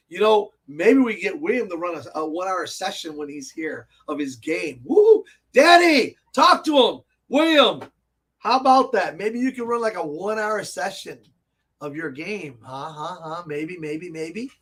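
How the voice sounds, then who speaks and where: A man with a high-pitched voice hosts a laid-back tabletop gaming chat. He rambles, gets carried away with excitement and laughs a lot, talking from a comic and game shop. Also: slightly rough. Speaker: host of a tabletop gaming show. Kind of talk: casual live stream chat.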